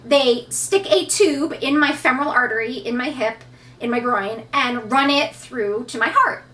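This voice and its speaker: A woman in her thirties telling a personal story to camera in a candid, animated way, acting out what people said. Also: sits high, a little slow, recorded from a distance. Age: 30s. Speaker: vlogger.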